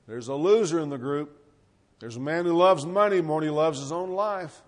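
A man's voice: on the high side, normal speed. A man preaching a sermon, asking the congregation rhetorical questions and letting his voice rise and fall. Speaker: pastor.

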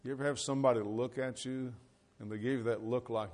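A man's voice: medium pitch, fairly even intonation, fast talker, a little mellow. Folksy man preaching a sermon. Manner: folksy, conversational preaching with rhetorical questions. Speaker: pastor.

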